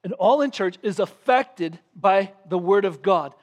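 Male pastor with a high voice, animated pulpit sermon in church. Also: a little slow. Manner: animated preaching, acting out scenes with raised voice.

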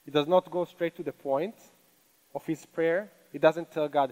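A man's voice: a little high, fairly even intonation, moderate pace, a little mellow, poor audio. A man with a non-native English accent preaching a sermon from a church stage, earnest and conversational, with many rhetorical questions. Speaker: pastor.

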